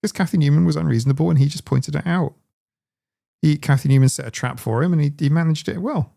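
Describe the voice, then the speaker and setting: Gravelly, rambling man live-streaming. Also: on the high side, fast, warm tone. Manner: rambling and digressive. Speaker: streamer host. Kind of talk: casual live-stream chat.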